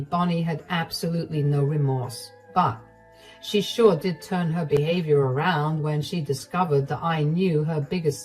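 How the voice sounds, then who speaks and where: A woman narrating a first-person story in a steady, matter-of-fact way. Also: lowish voice. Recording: distant voice, faint music.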